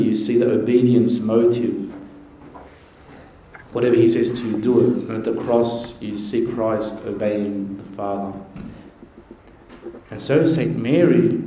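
A man, a priest, giving an earnest, gentle sermon with pauses. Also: medium pitch, steady tone. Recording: echoey church with faint noise.

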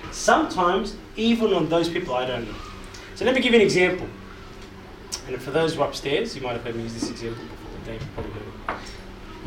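A man preaches to a gathered group in a roomy hall, his voice pitched high and swinging widely as he drives each point home. He keeps repeating himself and tossing questions to the listeners, heard from some distance with noise in the background. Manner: repetitive, emphatic, asks the audience questions. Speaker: preacher, youth speaker. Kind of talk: sermon to a live group. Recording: echoey hall, mic far off, audible noise.

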